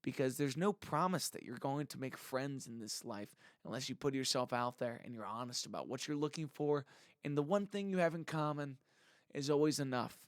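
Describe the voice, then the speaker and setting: A man's voice: mid-range voice, normal speed, no echo. Rambling, heartfelt man in a dry room. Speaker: musician vlogger. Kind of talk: casual monologue to camera.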